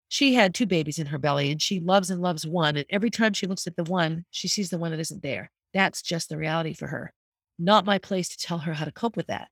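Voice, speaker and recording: A woman's voice: on the low side, no echo, clean studio sound. A middle-aged woman hosting a podcast, talking candidly and earnestly in a reflective monologue. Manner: candid and earnest, speaking openly about grief. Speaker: podcast host.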